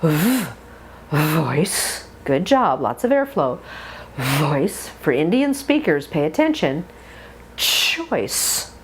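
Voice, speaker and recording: A woman teaching a pronunciation lesson, modeling long drawn-out words and giving short coaching tips. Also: sits low, sing-song, darkish tone, slight background noise. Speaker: accent coach.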